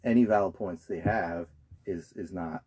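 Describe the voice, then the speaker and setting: A man co-hosting a casual podcast chat, laughing easily and dropping quick asides. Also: low voice, darkish tone, husky. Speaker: podcast co-host.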